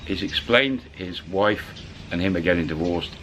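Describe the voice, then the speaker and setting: Man, low voice, chatty storyteller with a faint background hiss. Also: moderate pace. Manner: colloquial, animated retelling of others' words. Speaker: channel storyteller. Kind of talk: casual spoken storytelling.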